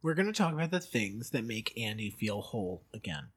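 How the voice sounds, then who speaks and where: A man co-hosting a podcast in casual comedic chat, laid-back and quick to laugh. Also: fairly low pitch, sing-song, husky. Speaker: podcast co-host.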